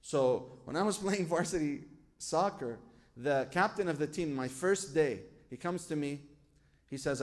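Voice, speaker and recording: High-voiced man preaching with stories. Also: measured pace. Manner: storytelling, asks rhetorical questions, quotes scripture in Arabic. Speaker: sheikh giving a lecture. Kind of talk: sermon. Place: lecture hall at a religious gathering.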